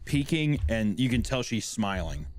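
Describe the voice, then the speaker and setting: A man co-hosting a podcast in casual chat, animated, swearing freely and laughing often. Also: on the low side, normal speed. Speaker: podcast co-host.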